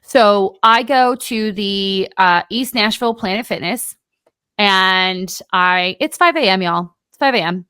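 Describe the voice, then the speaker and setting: A woman's voice: mid-range voice, takes it slowly, smooth, no echo. A woman chats on a podcast, telling a story with a lot of energy. She acts out each person in the argument as she goes. Her voice sits in a middle range, and the recording is dry and close. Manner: animated storyteller who acts out both sides of an argument. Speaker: podcast co-host. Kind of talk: casual storytelling chat.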